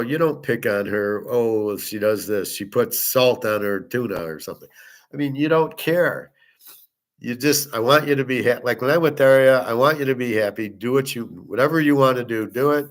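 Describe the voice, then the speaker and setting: A man's voice: mid-range voice, normal speed. A middle-aged man hosting a casual monologue, telling a personal story in a blunt, profane way. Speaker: host.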